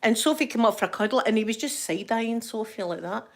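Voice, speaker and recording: This older Scottish vlogger talks at a quick pace in a fairly high voice while going through her live chat. It's casual chat: she rambles through stories for her viewers and laughs a lot along the way.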